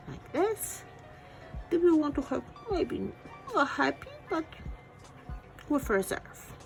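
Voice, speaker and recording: Gravelly-voiced woman teaching drawing. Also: fairly high pitch, rough recording. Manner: encouraging, thinking aloud while drawing. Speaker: art teacher. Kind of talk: step-by-step drawing lesson.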